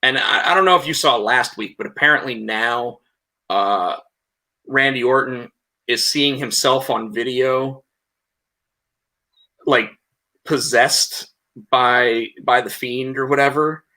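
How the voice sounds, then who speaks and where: A man co-hosting a casual podcast, retelling events in a rambling, animated way with lots of restarts. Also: medium pitch, slow, long pauses. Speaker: podcast co-host. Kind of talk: casual chat, recapping wrestling.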